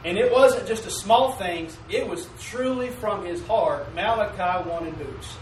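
A man preaching a sermon to his congregation, calling for "Amen" responses and drawing out mock commandments in a slow solemn tone. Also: high-pitched, slight background noise. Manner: drawls mock King James commandments slowly. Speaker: pastor. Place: church sanctuary. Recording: echoey church from a distance.

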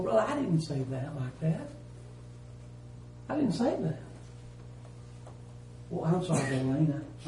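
Man preaching, folksy and emphatic, higher voice, echoey church, mic at a distance. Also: a little hiss or hum. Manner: folksy, emphatic, swings from loud to hushed. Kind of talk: sermon. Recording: roomy church sound from a distance.

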